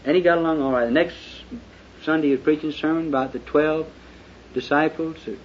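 A man preaching a sermon in a folksy way, dropping to hushed confession and then rising to fervent shouting. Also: a little high, fairly even intonation, fast. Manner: folksy, with lots of "you know". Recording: dull lo-fi recording with faint hiss.

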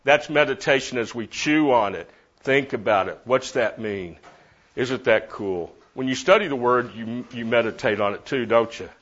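A middle-aged man leads a Bible class, and his voice sits in a middle pitch. He repeats verses with lively emphasis on different words. The recording is a little dull and lo-fi. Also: normal speed. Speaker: Bible study teacher.

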